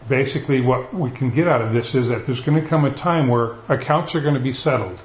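Male pastor, casual sermon delivery, mid-pitched voice, roomy church sound with faint background hum. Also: brisk. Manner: conversational, animated, paraphrases scripture in everyday talk. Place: church sanctuary.

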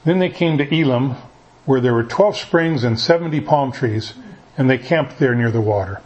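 A man giving a conversational sermon, talking in a folksy, halting way with frequent restarts. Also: medium pitch, a little mellow, muffled recording. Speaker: preacher.

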